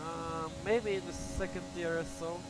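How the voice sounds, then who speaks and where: A man commentates a sim racing event in a loose, unscripted way, hedging and trailing off as he follows the cars. His voice sits a little high for a man. Clear music plays under him the whole time. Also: steady tone, normal speed. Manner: casual, hesitant, thinking aloud. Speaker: race commentator. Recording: music playing behind.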